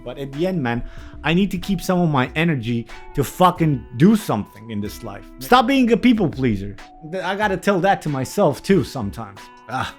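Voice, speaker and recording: A man talking straight to his viewers in a heated, foul-mouthed rant, hammering his points home. His voice sits a little higher than most men's. Soft guitar music plays faintly underneath. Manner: heated, swearing, emphatic rant. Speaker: vlogger. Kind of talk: candid profane monologue.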